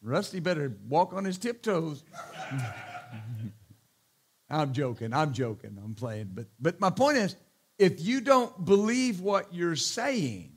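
High-voiced emphatic male preacher. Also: big pitch swings, measured pace, slightly rough. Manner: emphatic, repeats hallelujah and amen, joking asides. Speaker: pastor. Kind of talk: sermon.

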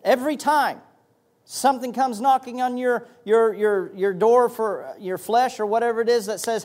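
A man preaching a sermon as an associate pastor, animated and emphatic, often repeating words and laughing as he goes. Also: very high-pitched, moderate pace.

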